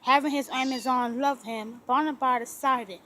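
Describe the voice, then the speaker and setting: Female audiobook narrator, high-pitched, gentle romance storytelling. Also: fairly even intonation, moderate pace, a little hiss or hum, low-quality recording. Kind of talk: scripted narration of a romance novel.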